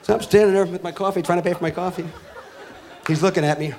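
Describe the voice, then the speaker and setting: A middle-aged man doing a stand-up comedy routine, ranting with profanity and building to shouted outbursts. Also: sits high, fairly even intonation, fast. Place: live comedy venue with an audience. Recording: live stage recording with faint crowd and noise.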